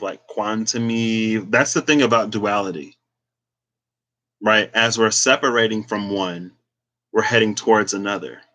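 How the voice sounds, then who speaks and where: A man's voice: fairly low pitch, pushed and bright. A man giving a casual, reflective talk on spirituality and tarot, meandering with many fillers as he thinks aloud. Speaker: tarot reader.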